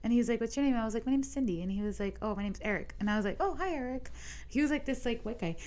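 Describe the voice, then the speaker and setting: Her voice fairly high with lively intonation, this twenty-something co-host races through a long retelling of a dream, peppering it with "I was like" quotes. A little hiss or hum sits under the casual podcast chat.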